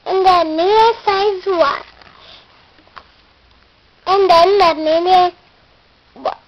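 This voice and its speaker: A little girl retelling a fairy tale in halting, restarting phrases. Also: very high-pitched, muffled recording, noisy background. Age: young child. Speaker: child storyteller.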